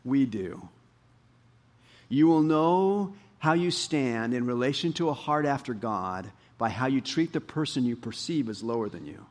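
A man preaching a sermon as pastor, animated, rising to emphatic highs and dropping low. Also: unhurried.

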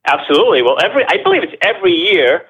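A man being interviewed as a guest, explaining his views in an animated, emphatic way, often repeating words and asking rhetorical questions. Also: high-pitched, racing, husky, dull audio. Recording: radio-show audio.

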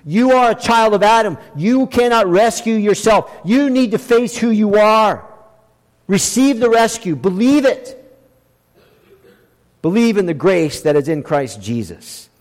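High-voiced man preaching in a reverberant hall. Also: lively intonation, measured pace. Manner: emphatic preaching with repeated phrases, swinging between hushed and raised. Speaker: pastor. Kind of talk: sermon. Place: church sanctuary.

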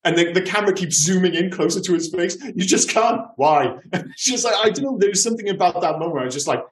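A man in casual conversation about movies, his voice sitting a little high for a man. He talks with eager energy and slips into quoted film lines. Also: very fast. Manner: enthusiastic, acts out lines from films. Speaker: podcast co-host.

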